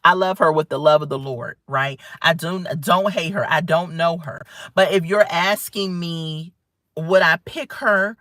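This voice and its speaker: A woman's voice: on the low side, unhurried, dry recording. A young adult woman, talking emphatically to viewers in a casual opinion vlog from her car. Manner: animated, emphatic, talks straight to viewers. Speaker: vlogger. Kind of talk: casual opinion vlog while driving home.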